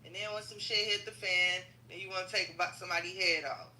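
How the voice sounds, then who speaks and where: A woman telling a profane, slangy comedic story in an animated rant, as a podcast host. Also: fairly low pitch, quick pace, slight background noise. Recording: roomy echo.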